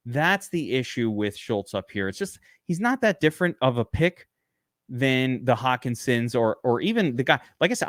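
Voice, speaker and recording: A man co-hosting a fantasy football podcast, talking in emphatic, animated, rapid-fire casual banter. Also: medium pitch, no echo, studio quality.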